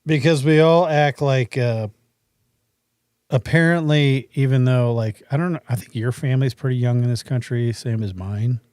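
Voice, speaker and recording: A man's voice: mid-range voice, fairly even intonation, normal speed, a little mellow, clear, resonant tone, no echo. Man, slight Midwestern accent, jokey podcast co-host, dry close mic. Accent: Midwestern hint. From Iowa. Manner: jokey, slips into mock accents for laughs. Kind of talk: casual chat.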